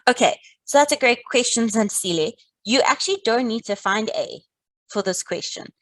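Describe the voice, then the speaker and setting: A woman teaching a live online maths lesson, calmly and encouragingly talking students through each step. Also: a little high, normal speed, dry recording, low-quality recording. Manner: encouraging, calm, talks students through steps.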